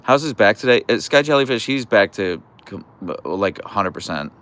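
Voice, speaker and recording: On a laid-back livestream from his outdoor deck, a young man with an expressive, fairly bright voice speaks at a normal pace. He's chatty, reads out what viewers write, and uses a high voice to coo at his dogs.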